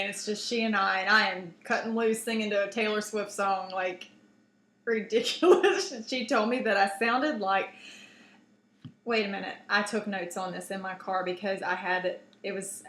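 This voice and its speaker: A woman in her thirties chats as a co-host, telling a lively story full of fillers and restarts. Her voice is bright and carries a roomy echo. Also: medium pitch. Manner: animated storyteller, chatty with many fillers and restarts. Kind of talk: casual chat. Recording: echoey room.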